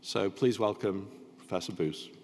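A man's voice: lowish voice, darkish tone, a little hiss or hum. Older male dean, formal scripted intro, lecture hall with long reverb. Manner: formal, measured reading. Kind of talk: prepared welcome remarks.

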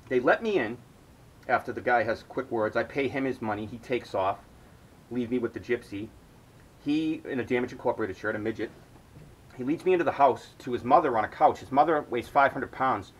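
A man's voice: medium pitch, slightly rough, low-quality recording. A middle-aged man hosting his own podcast, telling a long, rambling story full of swearing. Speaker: podcast host. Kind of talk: storytelling monologue.

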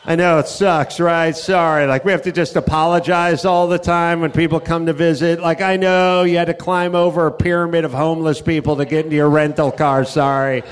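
Male host, high register, live stand-up energy, rambling and profane. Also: fairly even intonation, a little fast, hardly any pauses, clean tone. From California. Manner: rambling, profane, riffing storyteller. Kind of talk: live comedic monologue. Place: comedy club stage.

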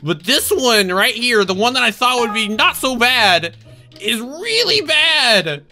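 A young adult commenting live on gameplay, panicky and yelping, with quick repeated phrases. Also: mid-range voice, big pitch swings, bright, forceful tone. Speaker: gaming video creator. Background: game music.

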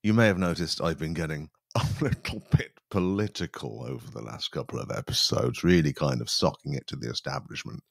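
A man hosting a comedy podcast, giving jokey deadpan setups in casual chat. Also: very deep voice, brisk, vocal fry, few pauses, no echo.

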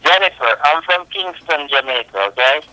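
A man on a recorded phone call who talks haltingly and keeps repeating himself to insist on his point. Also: fairly high pitch, sharp tone. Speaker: phone scammer.

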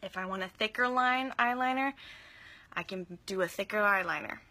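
A woman's voice: mid-range voice, normal speed, sharp tone. A young woman giving a chatty, enthusiastic live makeup tutorial, gushing over the products she uses. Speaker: makeup vlogger.

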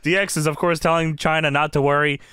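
A man's voice: a little high, fairly even intonation, quick pace, bright, forceful tone, clean tone, no room sound, clean studio sound. A man co-hosting a podcast, reviewing an old wrestling show in casual chat, laughing often and acting out quotes in silly voices. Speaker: podcast co-host.

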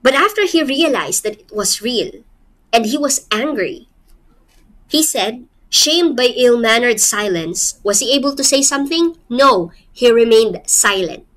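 A woman from the Philippines speaks with a Filipino accent as she lectures on a poem. Her voice sits a little high, and she talks slowly and deliberately. She poses questions to her listeners as she works through the lines. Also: animated, a bit bright. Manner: explains slowly with rhetorical questions and light laughs. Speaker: literature teacher. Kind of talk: poetry lecture.

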